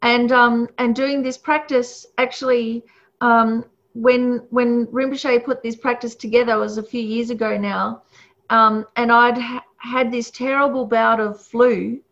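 A woman teaches in a loose, conversational way, with frequent laughs and many fillers. Her voice sits a touch high. The recording sounds dull and lo-fi. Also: steady tone, measured pace, fairly bright tone. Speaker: Buddhist teacher. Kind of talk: casual teaching talk. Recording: muffled lo-fi recording.

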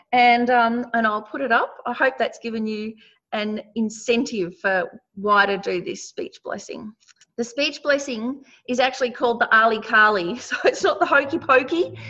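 A woman's voice: mid-range voice, a bit bright. Give me a Buddhist teacher, a woman, speaking in a mid-range voice through a somewhat dull online call line. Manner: earnest, personal storytelling with frequent restarts. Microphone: video call.

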